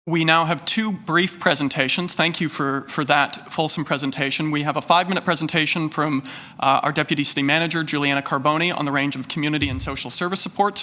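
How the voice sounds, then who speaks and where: A man's voice: fairly high pitch, sharp tone. A man chairing a council meeting, courteously introducing presenters.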